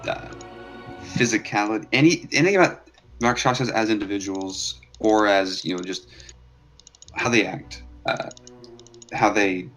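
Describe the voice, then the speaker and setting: A man's voice: fairly low pitch, measured pace, long pauses, fairly bright tone, soft background music, rough recording. A man playing a tabletop game, thinking aloud and listing what he wants. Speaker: player.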